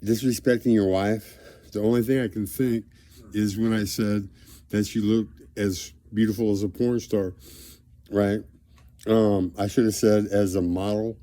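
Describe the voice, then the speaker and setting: A man rambling grandly in a direct-to-camera monologue, drifting between loud declarations and low mumbles. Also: steady tone, unhurried, no echo. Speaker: vlogger addressing a celebrity.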